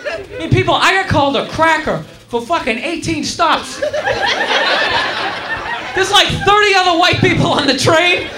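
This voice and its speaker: A man with a very high voice rambles through a stand-up set, excitable and shouting his punchlines. The live club recording is roomy and echoey, with a loud audience and steady noise behind him. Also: moderate pace, long pauses, a loud crowd. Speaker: stand-up comedian. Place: comedy club stage. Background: audience laughter.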